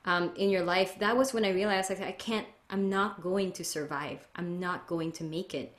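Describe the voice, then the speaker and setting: A woman's voice: lowish voice, fairly even intonation, normal speed, roomy sound. A woman speaking earnestly as a podcast guest, reflective and spiritual in a flowing way. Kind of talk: reflective interview talk.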